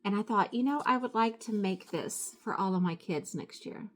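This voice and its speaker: A middle-aged woman talks at home in a relaxed show-and-tell way, full of little fillers and self-corrections. Her voice sits at an ordinary pitch for a woman, and she drifts from one thought to the next. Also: moderate pace. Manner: chatty and rambling, with frequent fillers and self-corrections. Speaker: craft vlogger. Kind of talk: casual show-and-tell chat.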